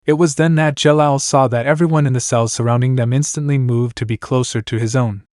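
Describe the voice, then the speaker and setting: A man reading a fan story aloud in steady narration. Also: mid-range voice, brisk, no room sound, clean studio sound. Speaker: fanfiction reader.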